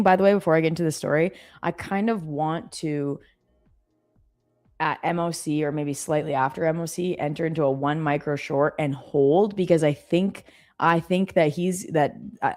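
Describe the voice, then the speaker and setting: A woman in her thirties chatting casually as a co-host, telling stories animatedly and acting out the voices. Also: sits low. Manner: animated storyteller, acts out voices. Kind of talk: casual chat.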